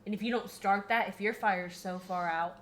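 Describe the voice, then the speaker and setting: A woman's voice: mid-range voice, steady tone, fairly quick, fairly bright tone, a little hiss or hum. A young woman co-hosting a faith podcast, talking earnestly and a little out of breath, with lots of filler words as she works through her thoughts. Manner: earnest, rambling with many "like" fillers. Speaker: podcast co-host. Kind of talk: casual faith conversation.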